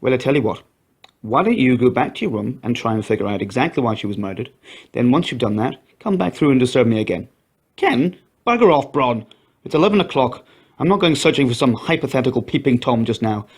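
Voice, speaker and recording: A man's voice: medium pitch, very animated, a little fast, breathy edge. A man voicing a brusque, sarcastic grown brother in an audio story. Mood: irritated. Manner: sarcastic, blunt.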